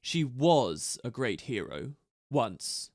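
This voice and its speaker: A man voicing a soft-spoken, stern male soldier. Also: a little high, measured pace, creaky, dry recording, clean studio sound.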